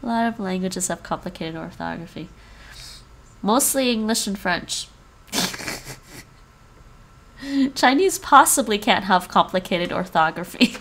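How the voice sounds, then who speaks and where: Gravelly-voiced woman streamer, sniffly and chatty. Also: mid-range voice, fairly bright tone, slight background noise. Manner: chatty, repeats words after an app, laughs often. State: sniffly from the cold, coughing. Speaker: language-learning streamer. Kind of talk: casual livestream chat while practicing pronunciation.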